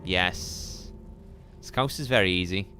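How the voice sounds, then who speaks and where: A man streaming a live game playthrough, chatting with viewers in a relaxed, musing way. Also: sits low, slow pace, soft background music. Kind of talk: live gameplay commentary.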